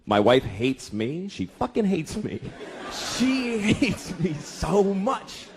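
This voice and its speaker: A man doing a stand-up comedy routine, exasperated and profane, building to shouted rants on a stage before a live audience. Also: sits high, wildly swooping pitch, slow. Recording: live club recording, audience laughter, light hiss.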